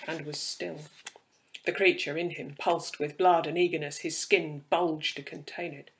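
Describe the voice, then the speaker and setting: A man giving a measured, dramatic reading of dark fiction. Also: a little high. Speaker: reader.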